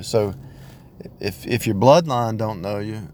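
A man's voice: on the low side, takes it slowly, a little mellow. A married man in a rambling casual monologue about faith, restarting often and repeating phrases in a preaching cadence. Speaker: married believer speaking on faith. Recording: outdoor street and car noise.

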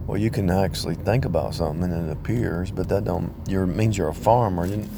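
Man, low voice, rambling, repetitive preaching cadence, many restarts, outdoors, clear traffic noise behind. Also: fairly quick. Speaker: married believer speaking on faith. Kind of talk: casual rambling monologue. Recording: outdoor street and car noise.

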